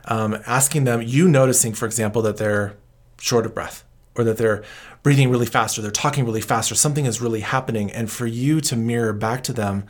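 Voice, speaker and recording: A man in a mid-range voice, neither high nor low, talks through advice as a trauma counselor. His delivery is calm and explanatory, with a reassuring, counseling manner as he lays out practical steps. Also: a little fast. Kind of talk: interview answers.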